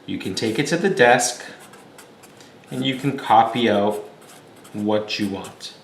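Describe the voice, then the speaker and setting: A man voicing a patient but firm male library clerk who refuses flatly, in an echoey room. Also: lowish voice, slow, gravelly. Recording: echoey room with faint hum.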